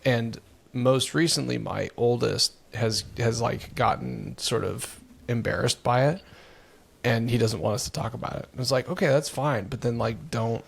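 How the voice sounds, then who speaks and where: Male podcast co-host, gravelly, rambling casual delivery full of restarts. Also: medium pitch, moderate pace. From United States. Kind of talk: casual chat.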